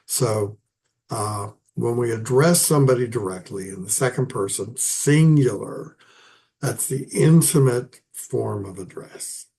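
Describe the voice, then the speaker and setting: A man giving a casual, halting lecture on poetry, with many fillers and restarts. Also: medium pitch, gravelly, mellow. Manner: halting, many fillers and restarts, chuckles at his own asides. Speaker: literature teacher.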